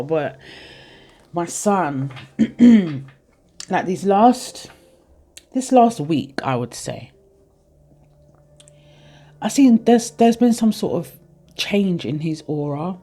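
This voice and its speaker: A reader in their thirties talks through tarot cards in a loose, heartfelt way, often drifting off topic. The voice is soft and mellow, never bright. Their pitch sits in an ordinary middle range. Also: very animated, slow, long pauses. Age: 30s. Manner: rambling, heartfelt, speaks straight to viewers. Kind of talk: casual tarot reading for viewers.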